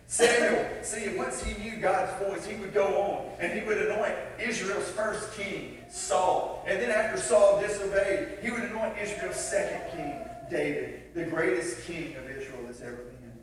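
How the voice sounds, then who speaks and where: A man's voice: high-pitched, fairly even intonation, a little slow, hardly any pauses. A man preaching a sermon, telling a story with acted-out voices and laughing at himself. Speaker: pastor. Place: large church sanctuary. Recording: echoey hall from far off.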